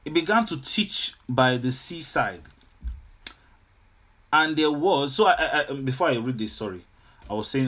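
Husky male preacher, hallelujah-filled. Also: medium pitch, fairly bright tone. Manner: repetitive, exclamatory with frequent hallelujahs and amens. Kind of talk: sermon teaching.

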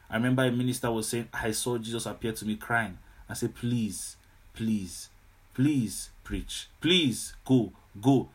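A man preaching a sermon, repeating himself often and breaking in with hallelujahs and amens. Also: lowish voice. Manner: repetitive, exclamatory with frequent hallelujahs and amens. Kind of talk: sermon teaching.

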